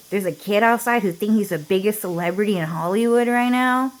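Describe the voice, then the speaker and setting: A woman's voice: medium pitch, a little fast. A woman ranting casually into the camera, swearing often and filling her speech with "like" and "dude". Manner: profane, fills speech with "like" and "dude". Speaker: vlogger. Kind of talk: casual rambling rant.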